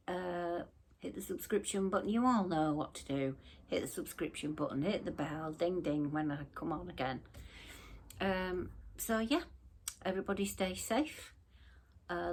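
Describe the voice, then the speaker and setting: A woman's voice: lowish voice, unhurried. A middle-aged woman, chatting casually in her craft vlog, tired and yawning, rambling and apologetic. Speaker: crafting vlogger.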